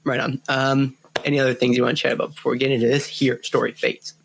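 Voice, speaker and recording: A man talking quickly in a casual podcast chat, his voice gravelly at the edges. He rambles and restarts often, trailing through fillers as he talks books with his co-host. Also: medium pitch, little pitch movement.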